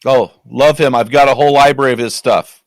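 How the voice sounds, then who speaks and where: A man's voice: medium pitch, steady tone, brisk, no echo. A man hosting a podcast, asking questions and cheering his guest on. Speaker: podcast host. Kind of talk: interview questions.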